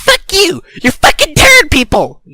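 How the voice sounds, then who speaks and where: A man voicing a frantic young man in a high, yelling voice. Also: huge pitch swings, drawn-out words, gravelly, no echo, exaggerated voice. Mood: panicked yelling.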